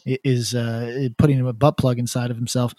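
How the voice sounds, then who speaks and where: A man's voice: mid-range voice, little pitch movement, normal speed, mellow, no room sound, clean studio sound. A man co-hosting a podcast in casual chat, rambling and profane, stumbling over restarts. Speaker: podcast co-host.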